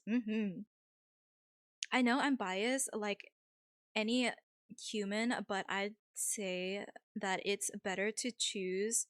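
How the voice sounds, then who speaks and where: A young woman streamer with an American accent that has a faint Vietnamese tinge, chatting casually with viewers, easygoing and quick to laugh. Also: mid-range voice, no echo, clean studio sound. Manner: easygoing, chatty, laughs often, many ums. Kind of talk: casual chat reading viewer messages.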